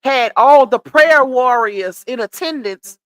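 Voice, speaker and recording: High-voiced blunt woman scolding on a livestream. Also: slow pace, a bit bright, no echo. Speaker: livestream commentator. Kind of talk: casual gossip commentary.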